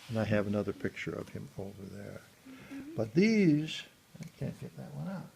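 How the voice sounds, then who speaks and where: A man's voice: on the low side, very animated, normal speed, creaky, darkish tone. A man giving a museum tour, explaining exhibits in a rambling way with many hesitations and restarts. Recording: echoey room, faint background noise.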